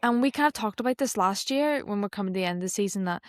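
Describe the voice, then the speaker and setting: A woman co-hosting a motorsport podcast, chatting casually in a bubbly, expressive way with frequent laughter. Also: mid-range voice, quick pace, no echo, clean studio sound. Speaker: podcast co-host. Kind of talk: casual chat.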